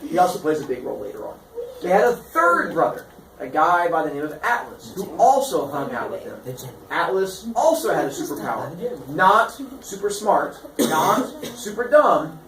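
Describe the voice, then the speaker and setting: A man's voice: fairly high pitch, normal speed, a crowd in the background. A man teaching a class, telling old myths as comic stories and slipping into silly voices for the characters. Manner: animated, jokey, puts on voices for characters. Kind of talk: comic storytelling lesson. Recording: echoey room.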